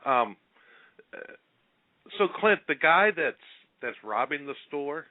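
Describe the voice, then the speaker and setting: A man's voice: a little high, sing-song, takes it slowly. A man hosting a casual political talk show, speaking bluntly and rambling with repeated words. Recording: phone-like lo-fi sound.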